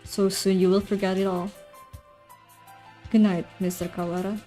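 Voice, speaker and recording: A woman voicing a cold, scheming male doctor in a visual novel, speaking calmly and formally. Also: medium pitch, moderate pace, soft background music, natural voice. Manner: calm, formal, menacing.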